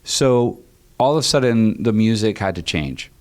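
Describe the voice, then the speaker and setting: A man's voice: lowish voice, normal speed. A man, a film composer, telling stories in casual conversation, acting out the dialogue he quotes, with frequent restarts. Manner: lively storyteller who acts out quoted dialogue. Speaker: film composer, podcast guest.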